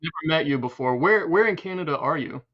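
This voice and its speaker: A man's voice: fairly high pitch, animated, fast talker, fairly bright tone, highs cut off. An American man chatting easily as a guest on a video call, laughing often. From United States. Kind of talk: casual video call chat.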